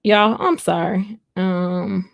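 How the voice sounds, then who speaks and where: A woman's voice: mid-range voice, fairly even intonation, slow pace, creaky, dry recording, studio quality. A young woman, chatting and telling a personal story to viewers on a live stream. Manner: storytelling, addresses viewers as y'all. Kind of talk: casual live chat.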